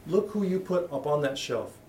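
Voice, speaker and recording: A man's voice: a little high, animated, normal speed, a little mellow, slight background noise. A middle-aged man preaching a sermon as pastor, talking candidly and conversationally, often restarting his sentences. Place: church hall. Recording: echoey room, voice from a distance.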